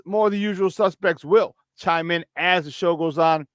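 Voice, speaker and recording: A male sports radio host with a slightly higher voice, talking fast and energetically and laughing often. He hypes up the show and tells stories from his own playing days. The sound is dry and close, with no room behind it. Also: clean tone, no room sound. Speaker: former football player. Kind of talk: casual sports talk monologue.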